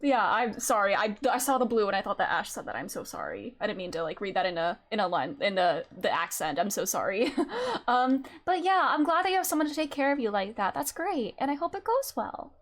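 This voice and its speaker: A woman streaming a game, chatting casually in an excitable, giggly way and quick to apologize. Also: mid-range voice.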